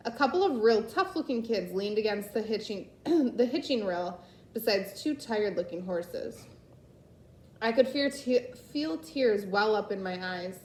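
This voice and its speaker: A woman's voice: mid-range voice, lively intonation, a little mellow. Woman reading a story aloud in an echoey room. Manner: unhurried reading with slips and self-corrections. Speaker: reader. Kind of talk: reading a children's novel aloud.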